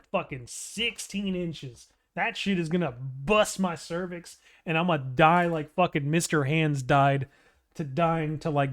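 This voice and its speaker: A man commenting crudely and loudly on a game he is playing, swearing a lot, laughing often and rambling between lines he reads aloud. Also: fairly high pitch. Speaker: gameplay streamer.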